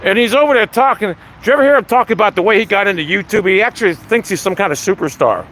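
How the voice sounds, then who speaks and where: High-voiced man ranting on a live stream. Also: animated, quick pace, a bit bright, a little hiss or hum. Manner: profane, ranting. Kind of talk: casual live-stream chat. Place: outdoors.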